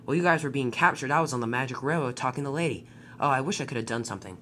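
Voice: medium pitch, very fast, bright, forceful tone, slight background noise, natural voice. A narrator voicing an eager young male tank engine who exclaims often in a homemade toy-train story.

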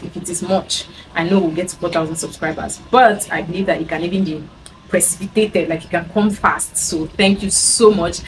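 A woman from Cameroon in her thirties, chatting bubbly and fast while she cooks at home for her vlog. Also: fairly low pitch. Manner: bubbly and chatty, often bursting into song. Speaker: cooking vlogger. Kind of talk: casual cooking chat. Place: home kitchen. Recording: distant mic with clear background noise.

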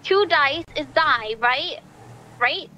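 A woman in GTA roleplay, ditzy and rambling, pitching a silly pun. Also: expressive, takes it slowly, pushed and bright, slight background noise, rough recording. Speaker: roleplay character on a phone call.

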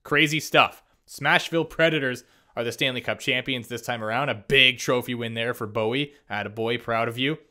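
Bright-voiced excitable young man. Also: mid-range voice. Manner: excitable, quick reactions and laughs while reading stats. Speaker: gaming YouTuber. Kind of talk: casual video game commentary.

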